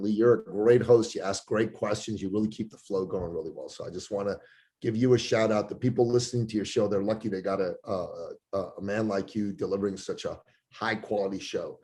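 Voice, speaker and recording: A podcast guest in his forties tells a lively personal story. His voice is mellow and dark-toned, and he leaps higher for the quoted lines he acts out. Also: brisk. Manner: acts out quoted voices with big pitch jumps. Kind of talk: animated storytelling. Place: Toronto area.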